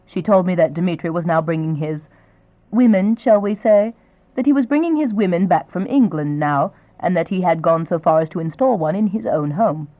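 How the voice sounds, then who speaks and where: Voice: mid-range voice, lively intonation, moderate pace, no echo, natural voice. A gracious elderly duchess, genteel and pleasantly insistent, as an audiobook reader puts her on. The audio is thin and phone-like. It sounds dry, with no room.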